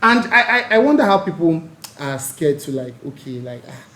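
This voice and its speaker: A man's voice: on the high side, very animated, moderate pace, bright, forceful tone. A man guesting on a podcast, talking boldly and playfully with emphatic self-assurance. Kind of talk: casual podcast chat. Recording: echoey room with faint noise.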